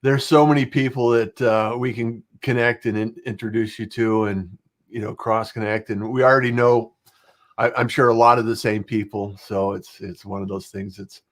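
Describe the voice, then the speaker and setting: Speaking at a normal speed, this middle-aged man has a fairly low voice with fairly even intonation. He hosts a podcast and rambles through a casual interview chat, leaning on lots of fillers.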